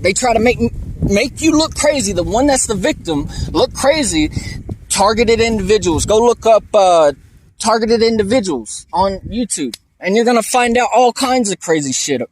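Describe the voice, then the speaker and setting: Agitated high-voiced man arguing outdoors. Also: a little hiss or hum. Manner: agitated, rambling, profane, stammers and repeats words. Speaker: vlogger filming a police encounter. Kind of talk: heated confrontation. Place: outdoors at a remote camp.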